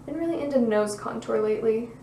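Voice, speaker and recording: A young woman talking through a makeup tutorial in a chatty, bubbly way, her voice a little hoarse. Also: on the high side, fast talker, warm tone, roomy sound, far from the mic, a little hiss or hum, rough recording. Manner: chatty, bubbly, self-deprecating asides. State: losing her voice, slightly hoarse. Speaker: beauty vlogger.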